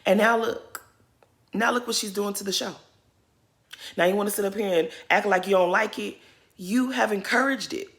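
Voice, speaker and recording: A woman's voice: mid-range voice, normal speed, long pauses. A woman giving casual, shady commentary on a reality show, ranting with sass. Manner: sassy, shady, animated ranting.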